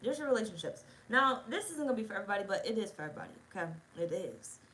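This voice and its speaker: A woman's voice: mid-range voice, sing-song, racing, a bit bright, slight background noise, low-quality recording. A woman giving a tarot reading to her viewers in a rambling, casual way, swearing freely and often checking that they are following her. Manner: rambling, profane, talks straight to viewers. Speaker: tarot reader.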